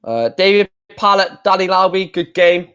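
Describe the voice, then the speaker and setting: A man's voice: high voice, lively intonation, moderate pace, fairly bright tone, clear, resonant tone. Casual male streamer, rambling and self-correcting. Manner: chatty, thinking aloud, self-correcting. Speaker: live stream host. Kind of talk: casual live-stream commentary.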